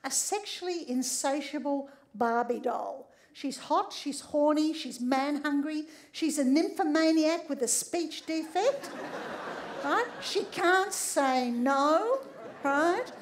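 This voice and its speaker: Slowly, a middle-aged woman with a high voice entertains a room, speaking as a sex therapist giving a humorous talk. Her storytelling is lively, she keeps checking on her listeners, and "all right?" closes many of her lines.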